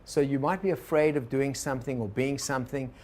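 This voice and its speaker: A man teaching a workshop to a live group, relaxed and digressive, often turning to the audience with questions. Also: medium pitch, a little fast, a little hiss or hum. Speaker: organizational consultant teaching a workshop.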